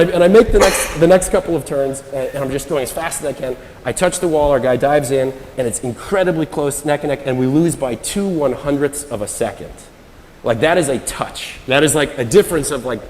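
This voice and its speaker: Male conference speaker, American-raised, animated storyteller who acts out dialogue; mid-range voice in a roomy hall with long reverb. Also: medium pitch, slight background noise. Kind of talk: anecdotal conference talk. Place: large hall.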